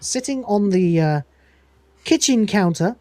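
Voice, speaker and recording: A man's voice: high voice, expressive, a little slow, warm tone, no echo. A man hosting a podcast, recapping an episode in a rambling, casual way and acting out the lines. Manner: rambling, laughs often, acts out quotes. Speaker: podcast host.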